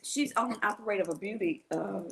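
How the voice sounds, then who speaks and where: A woman's voice: mid-range voice, fast talker, vocal fry, fairly bright tone, a little hiss or hum, poor audio. A woman with a Southern Texas accent hosting a casual live-stream chat, talking in a chatty way and greeting viewers by name. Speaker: show host.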